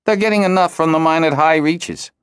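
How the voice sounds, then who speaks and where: A man's voice: a little high, a little fast, smooth, dry recording, studio quality, pitched above the performer's own voice, natural voice. A man doing a snappish older man. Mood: irritable. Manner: snapping, hissing, incredulous. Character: older male fence, angry and suspicious. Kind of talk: audiobook character voice.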